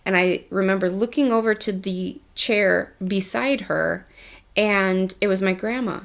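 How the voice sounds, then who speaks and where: A woman's voice: medium pitch, unhurried, vocal fry. A woman coach telling personal stories in a casual vlog, candid and chatty with casual slang. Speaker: life coach.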